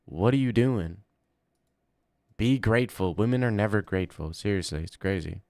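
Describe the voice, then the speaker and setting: A young man livestreaming and chatting casually, reading chat and answering with crude, deadpan banter. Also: fairly low pitch, moderate pace, no room sound, studio quality.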